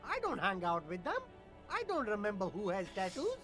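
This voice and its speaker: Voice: medium pitch, wildly swooping pitch, normal speed, fairly bright tone, faint music behind. A voice actor playing a defensive, boastful street vendor in a video game who keeps dodging questions with rambling denials. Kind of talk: game voice acting.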